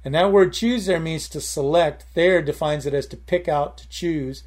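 Conversational male preacher, mellow voice. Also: on the high side, normal speed. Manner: conversational, with prayers and emphatic repetition. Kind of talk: sermon.

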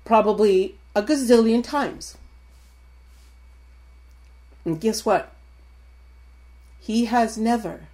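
A woman's voice: fairly high pitch, darkish tone. Emphatic older woman preacher. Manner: emphatic, repetitive, addresses the congregation directly. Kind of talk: sermon.

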